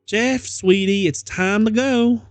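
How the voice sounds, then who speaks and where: A man's voice: sits high, slow pace, dry recording, soft background music, voice pushed up. Man doing a drawling Southern mom. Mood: worried. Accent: put-on American Southern. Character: frightened Southern mother, middle-aged woman.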